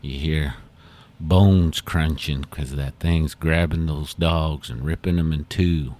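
Deep slow-talking male storyteller. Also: steady tone, darkish tone. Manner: unhurried, folksy, with fillers. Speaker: podcast host. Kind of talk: oral storytelling.

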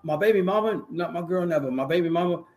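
A man in his forties with a Texan accent and a fairly high voice, telling his story as a podcast guest. He is an animated storyteller who acts out what others said. His talk is full of street slang. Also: quick pace. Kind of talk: casual storytelling interview.

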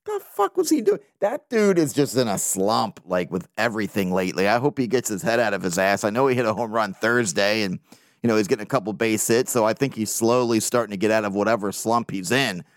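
A man hosting a casual sports podcast, talking as an excited, profane fan with lots of energy. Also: lowish voice, fast talker, no room sound, studio quality. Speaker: podcast host.

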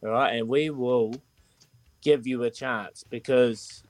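A man's voice: mid-range voice, steady tone, slow, a little mellow, no echo. A man hosting a breakfast radio quiz, cheery and matey as he counts down the answers.

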